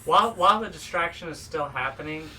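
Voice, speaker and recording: A man's voice: on the high side, animated, fast talker. A man playing a tabletop game, joking and playful about his character's schemes. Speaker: player. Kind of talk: casual tabletop play. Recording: distant mic, clear background noise.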